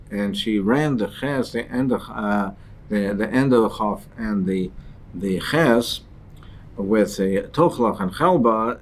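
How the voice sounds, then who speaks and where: A man giving a daily Talmud lesson, translating Aramaic phrases into English line by line in a halting way, with restarts. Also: on the low side. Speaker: Talmud teacher.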